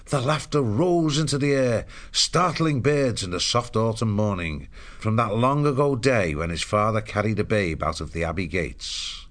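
A man reads a story aloud in a steady, measured way. His voice sits somewhat low. The delivery is calm and even. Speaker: narrator. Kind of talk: audiobook narration.

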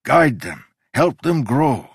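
A man voicing an ancient male god who lectures in a sweeping, emphatic way, with sudden jumps in pitch. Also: big pitch swings, slow pace, gravelly, breathy edge, dry recording, clean studio sound, heavily acted. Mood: grave. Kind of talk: audiobook character reading.

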